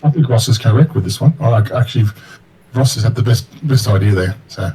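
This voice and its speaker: A man's voice: lowish voice, quick pace, warm tone, breathy edge, recorded from a distance, low-quality recording. A man playing in a tabletop game, describing his character's actions in a rambling way that keeps correcting itself. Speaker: player. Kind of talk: casual tabletop play chat.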